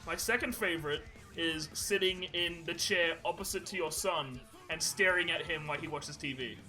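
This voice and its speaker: Podcast co-host, man, high voice, rambling and profane, music bed behind. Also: normal speed, pushed and bright, low-quality recording. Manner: rambling, swears often, laughs while telling stories. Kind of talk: casual chat.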